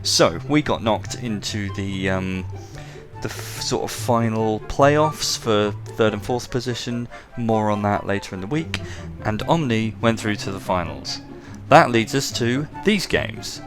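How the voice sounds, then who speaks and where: An English man with a low voice hosts casual commentary over a game replay at a measured pace, chatting through the action and throwing in joking asides. Music plays clearly beneath him the whole time.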